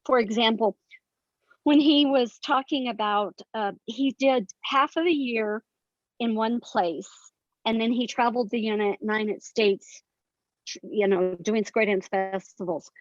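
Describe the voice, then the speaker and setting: A woman's voice: fairly high pitch, unhurried, no room sound. An older woman, a guest author, telling detailed stories earnestly in a conversational interview. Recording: dry, slightly dull sound.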